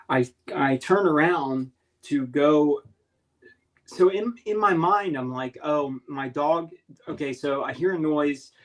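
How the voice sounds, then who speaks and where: A man earnestly recounting a strange encounter in casual talk, halting and restarting as he searches for words. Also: medium pitch, fairly bright tone, poor audio. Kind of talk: casual spoken storytelling.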